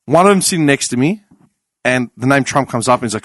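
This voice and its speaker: A man, co-hosting a casual podcast and telling a story with lively energy and plenty of swearing. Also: medium pitch, fast talker, dry recording, clean studio sound. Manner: animated storyteller, swears freely. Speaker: podcast co-host.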